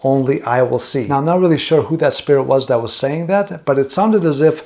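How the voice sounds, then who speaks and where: A man's voice: mid-range voice, brisk, darkish tone. A man narrating and explaining his own paranormal session recordings, interpreting what he hears. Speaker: paranormal investigator. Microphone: studio mic for narration.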